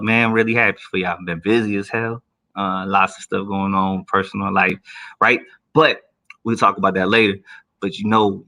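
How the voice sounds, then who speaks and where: A man hosting a casual livestream, joking and slangy, doing high voices when he quotes people. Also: sharp tone. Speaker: livestream host, Army career counselor.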